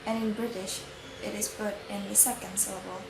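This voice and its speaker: A young woman student presenting pronunciation examples, slowly contrasting word pairs one after another. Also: medium pitch, little pitch movement, vocal fry, echoey room, noisy background. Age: young adult. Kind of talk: reading a class presentation.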